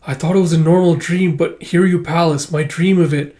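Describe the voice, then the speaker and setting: A man's voice: a little high, steady tone, fairly quick, mellow, pitched above the performer's own voice, close to an everyday voice. A man reading the lines of an anxious young princess from a manga, in a slightly raised voice. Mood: worried.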